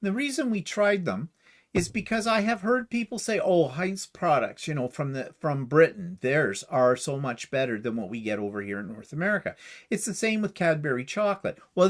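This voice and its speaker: Chatty storytelling man, lively pitch. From Canada. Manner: chatty storyteller, laughs easily. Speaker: co-host. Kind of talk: casual livestream chat.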